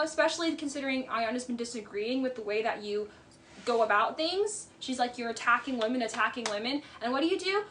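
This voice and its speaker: A woman's voice: fairly high pitch, fairly bright tone, slight background noise. A woman giving casual, emphatic commentary on a reality TV episode, often exasperated and mimicking the people she quotes.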